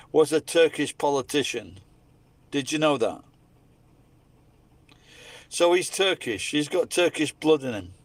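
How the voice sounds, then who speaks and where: A man's voice: a little high, dry recording. A Scottish man delivering a blunt, heavily profane, opinionated rant in a casual monologue. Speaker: vlogger.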